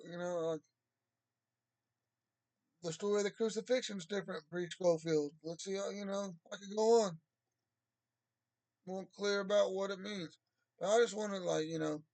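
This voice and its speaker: Agitated ranting man, gravelly voice. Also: a little high, no echo, low-quality recording. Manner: agitated, rambling, bursts into shouting. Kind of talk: heated monologue rant.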